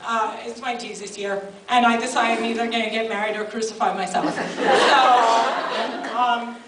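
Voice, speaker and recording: High-voiced woman doing stand-up in a club. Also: steady tone, measured pace, some chatter behind. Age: 30s. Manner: chatty, self-mocking, lots of ums and asides. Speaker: stand-up comedian. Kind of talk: stand-up comedy set. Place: live comedy venue. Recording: far-off roomy live club recording. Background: loud audience laughter and noise.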